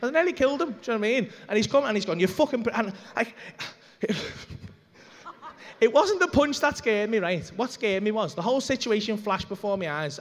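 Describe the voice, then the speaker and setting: A young man with a Liverpool accent telling a rambling, swearing, animated story as a stand-up comedian on a club stage. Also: sits high. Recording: reverberant comedy club hall.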